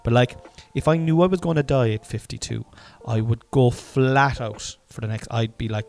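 A man's voice: mid-range voice, moderate pace, vocal fry, few pauses, darkish tone. A man in his forties musing aloud in a casual, rambling monologue, self-mocking and swearing freely. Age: 40s.

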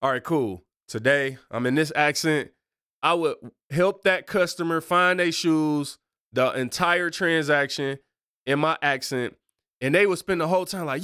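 A man's voice: on the high side, a little slow, pushed and bright, clean tone, no room sound, studio quality. A married man hosting a casual faith podcast, talking in a loose, slangy way and wandering off on tangents. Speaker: podcast host.

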